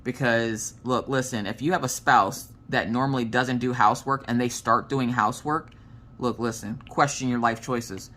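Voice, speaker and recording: A woman vlogger in casual storytime chat, frank and animated as she tells a family story. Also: very deep voice, moderate pace. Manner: animated, frank storyteller who acts out quoted voices. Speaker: crafting vlogger.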